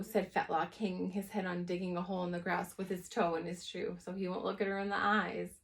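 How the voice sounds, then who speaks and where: A woman teacher reading a chapter book aloud to young children, expressive and adding plain asides. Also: on the low side, brisk, creaky.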